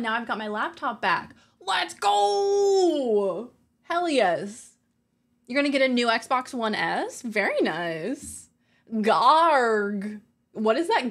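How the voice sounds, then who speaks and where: A woman streamer talks casually with her audience and reads their messages aloud. Her voice sits slightly high, and she breaks into laughter often. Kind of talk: casual chat with viewers.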